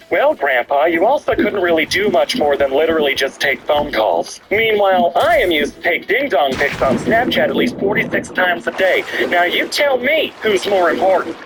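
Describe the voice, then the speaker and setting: Sarcastic man reading memes, lively pitch. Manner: sarcastic, playful, shifts into quick silly voices. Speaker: comedy video host. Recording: noisy background.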